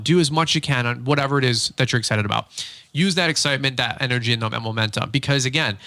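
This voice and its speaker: A man co-hosts a relaxed business podcast, talking in a rambling, joking way and laughing often. His voice is bright and forceful, and the sound is dry and close. His pitch sits in the middle range. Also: dry recording. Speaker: podcast co-host. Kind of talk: casual business chat.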